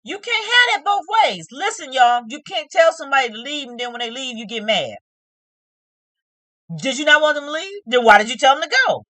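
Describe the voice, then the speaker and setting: A woman's voice: sits high, very animated, a little fast, pushed and bright, no echo. Emphatic woman scolding in a recap. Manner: emphatic, scolding, retells scenes with acted quotes. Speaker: reality show reviewer. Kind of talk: casual recap and commentary.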